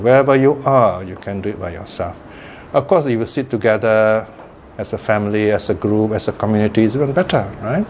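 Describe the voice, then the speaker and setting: A man's voice: mid-range voice, a little hiss or hum. A man, a Buddhist teacher giving a chatty Dharma talk, laughing often and tossing in asides. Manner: chatty, laughs often, lots of "you know".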